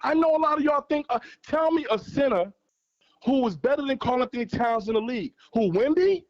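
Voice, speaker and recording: High-voiced man arguing hard. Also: animated, fairly quick, highs cut off. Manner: passionate, argumentative, repeats points for emphasis. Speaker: guest caller on a fan livestream. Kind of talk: heated sports debate.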